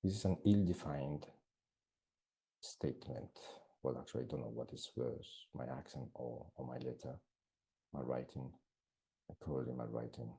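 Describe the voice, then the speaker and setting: Very deep, gravelly-voiced male lecturer. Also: moderate pace, pauses often, dark tone. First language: not English. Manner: hesitant, many fillers and restarts. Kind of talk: classroom lecture. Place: classroom.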